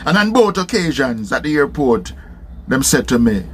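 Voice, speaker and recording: A man's voice: medium pitch, normal speed, a little hiss or hum. A man from Jamaica with a Jamaican patois accent, telling a story casually and checking in with the listener often. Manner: animated, keeps checking in with "seen?".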